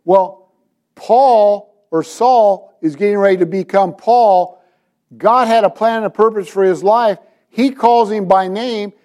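In a church, a man with a high-pitched, warm voice preaches at a measured pace to his congregation. He retells scripture, dramatizing it with quoted voices, and asks his listeners direct questions.

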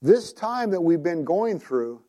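Mellow-voiced male preacher telling stories. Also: on the high side, big pitch swings, a little slow. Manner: conversational storytelling with direct questions to listeners. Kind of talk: sermon.

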